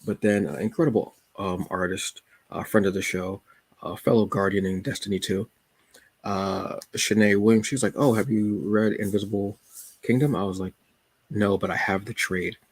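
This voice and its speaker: A man's voice: fairly low pitch, normal speed, slightly rough, no echo. A man hosting his own channel, chatting casually and jokingly about books and comics with plenty of asides. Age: adult. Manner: relaxed, joking, storytelling with asides. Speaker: channel host.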